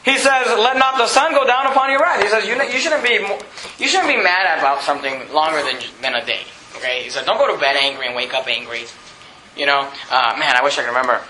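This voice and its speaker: A man preaching a sermon in a folksy style. He reads scripture slowly and builds up to loud, emphatic peaks. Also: fairly high pitch, lively intonation, crowd noise. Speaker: pastor. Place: church sanctuary. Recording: echoey church room.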